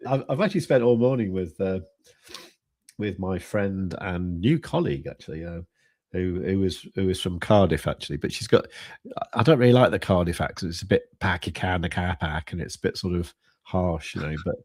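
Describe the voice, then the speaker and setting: Low-voiced chatty host, jokey, laughs easily, dry close sound. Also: male voice, a little fast, darkish tone, no room sound. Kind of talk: casual livestream chat.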